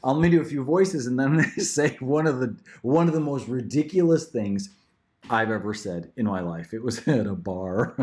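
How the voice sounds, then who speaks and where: Chatty man with wild pitch jumps. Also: lively intonation, moderate pace, darkish tone. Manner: chatty, laughs often, big jumps into high pitch. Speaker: parent auditioning as a voice actor. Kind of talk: casual rambling monologue.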